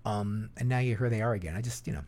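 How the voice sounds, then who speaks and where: A man's voice: lowish voice, fast, darkish tone. A man hosting a podcast in a casual, rambling way, full of fillers and swearing. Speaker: podcast host. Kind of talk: casual chat.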